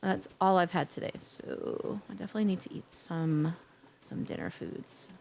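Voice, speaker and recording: A woman's voice: on the low side, moderate pace, gravelly, a little mellow, slight background noise. A young woman with a New York accent, chatting playfully on a live stream, joking, swearing and laughing often. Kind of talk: casual live-stream chat.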